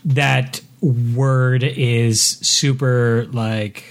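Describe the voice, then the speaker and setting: A man's voice: medium pitch, steady tone, drawn-out words. A man co-hosting a gaming podcast, chatting casually with wry, dry humor. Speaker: podcast co-host. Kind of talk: casual chat.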